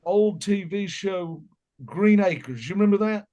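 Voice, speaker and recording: High-voiced Southern man, joking storyteller. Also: animated, unhurried, mellow, lo-fi sound. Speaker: musician guest. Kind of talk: casual interview chat.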